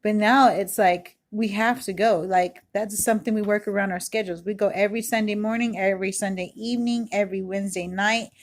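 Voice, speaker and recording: A woman's voice: medium pitch, fairly even intonation, a little fast, few pauses. A woman in her thirties giving an earnest, rambling personal testimony at home, full of "you know" and "like", recorded close in a kitchen. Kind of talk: casual spoken testimony. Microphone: self-recorded video, close mic.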